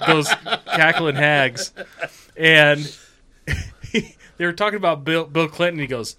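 A man in casual chat, blunt and animated, often laughing as he tells a story. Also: a little high, unhurried. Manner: animated, blunt, laughs while telling stories.

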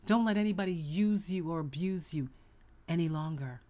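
A middle-aged woman hosts a motivational self-help podcast, speaking emphatically, repeating herself a lot, and slipping into sudden whispered asides. Her voice is on the low side and mellow, at a normal speed.

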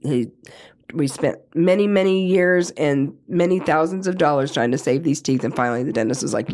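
A middle-aged woman co-hosting a podcast, telling a story in a casual chat, swearing freely and acting out the quotes in a higher voice. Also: normal speed. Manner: animated storyteller, acts out quotes with a raised pitch, swears freely. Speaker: podcast co-host.

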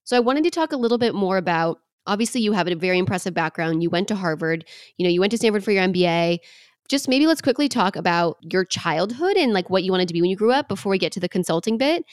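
Fast-talking female podcast host. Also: mid-range voice, lively intonation, clean tone, no room sound, studio quality. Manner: encouraging, chatty questioner. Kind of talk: conversational podcast interview.

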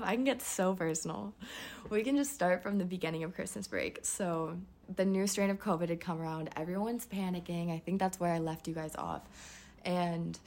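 A woman in her twenties hosting a podcast, giving a candid personal update in a chatty way and laughing often. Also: lowish voice. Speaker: podcast host. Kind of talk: casual personal life update.

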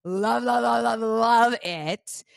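A woman co-hosting a live podcast, telling stories in a giggly, animated way. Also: on the high side, extremely slow, vocal fry, dry recording, clean studio sound. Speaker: podcast co-host. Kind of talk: casual live podcast chat. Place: live show venue.

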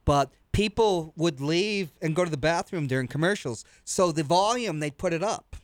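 A man's voice: on the high side, lively intonation, moderate pace, no room sound. An older man from New York on a casual talk show, rambling through knowledgeable stories and slipping in dry jokes. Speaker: show regular, trivia expert.

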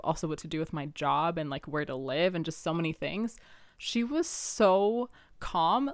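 A woman's voice: sits low, dry recording, clean studio sound. A young woman hosting her own show, talking earnestly and personally in a rambling way, laughing now and then and using lots of fillers. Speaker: podcast host. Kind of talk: personal reflective monologue.

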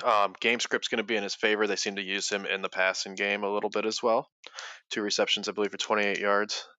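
A man with a low, forceful, bright-edged voice, laid-back as he gives his pick on a casual football podcast. The sound is dry and close. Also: flat delivery, a little fast, no echo, lo-fi sound. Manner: laid-back, brief quips. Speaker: podcast co-host. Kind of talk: casual chat.

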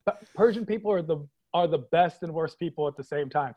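A man's voice: a little high, lo-fi sound. A man from Washington, D.C., a comedian guest riffing playfully on a podcast interview. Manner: playful, jokey, quick asides and put-on voices.

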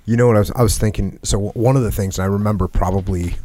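A man's voice: on the low side, fairly even intonation, rapid-fire, warm tone. A man hosting a podcast, talking earnestly in a reflective conversation and repeating phrases for emphasis. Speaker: podcast host. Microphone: headset.

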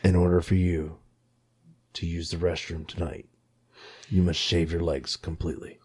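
A man putting on a creepy puppet figure who sets cruel games, speaking low, slow and menacing. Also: little pitch movement, a little mellow, slightly rough.

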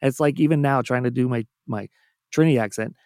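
A man, a podcast guest in casual chat, talkative and quick to laugh. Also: mid-range voice, no room sound, studio quality. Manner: warm, chatty, laughs often.

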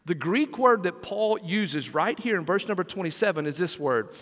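Pastor, male, high voice, animated sermon delivery with call-and-response, church reverb. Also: measured pace. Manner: animated preaching, asks congregation to repeat words. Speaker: senior pastor.

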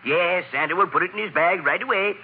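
A man's voice: high-pitched, fast talker, background noise, natural voice. An older man playing a kindly, busy Santa Claus who talks heartily with chuckles in a 1940s radio drama. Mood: jolly. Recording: tinny old radio recording.

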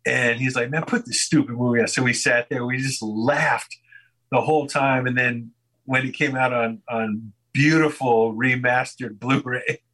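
A man's voice: mid-range voice, fairly even intonation, unhurried, bright, forceful tone, low-quality recording. A man guesting on a podcast, telling a rambling story in casual chat and laughing often.

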